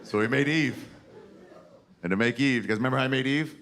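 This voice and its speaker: A man's voice: medium pitch, fairly quick, a faint crowd. A man in his forties doing stand-up comedy, crude, irreverent and conversational. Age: 40s. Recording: loud background noise.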